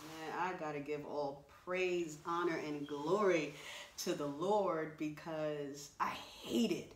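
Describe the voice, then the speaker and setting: A woman's voice: deep voice, slow pace, recorded from a distance, slight background noise. A woman chatting through a clothing try-on haul video, exclaiming and talking straight to her viewers. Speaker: vlogger. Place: home room. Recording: roomy echo.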